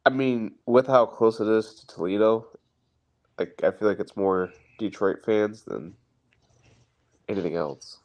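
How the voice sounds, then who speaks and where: A man on a sports podcast panel, chatting in an easygoing, relaxed way. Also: on the low side, a little slow, long pauses. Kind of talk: casual chat. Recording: dull lo-fi audio.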